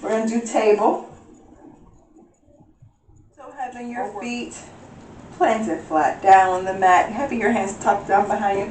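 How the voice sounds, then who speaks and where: A woman's voice: medium pitch, a little slow, long pauses, darkish tone, slight background noise. A woman leading a yoga class, playful and giggly as she calls out each breath and pose. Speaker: yoga instructor. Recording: roomy echo, voice from a distance.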